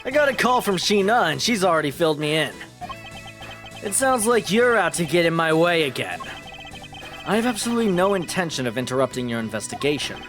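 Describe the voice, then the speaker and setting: A man plays a laid-back male prosecutor from a video game. The lines come casual and relaxed, with a lively, bouncing pitch. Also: a little fast, soft background music.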